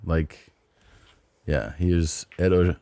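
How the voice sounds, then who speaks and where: A man's voice: low-pitched, slow pace, gravelly, warm tone, no echo, clean studio sound. A man co-hosting a casual comedy podcast, telling rambling stories in a laid-back way and swearing freely. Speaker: podcast co-host.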